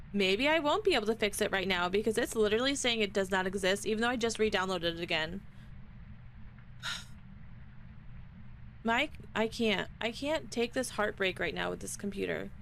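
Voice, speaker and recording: A woman's voice: mid-range voice, vocal fry, fairly bright tone, a little hiss or hum, poor audio. A woman streamer chatting casually to her live-stream audience, flustered and panicky. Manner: flustered, panicky, talks to chat. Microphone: desk microphone.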